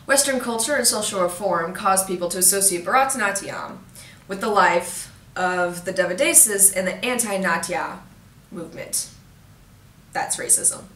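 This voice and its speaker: Woman host, playful and teasing in her asides, with a bright tone, recorded from a distance. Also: medium pitch. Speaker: presenter. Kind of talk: jokey educational explainer. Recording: roomy echo, mic at a distance.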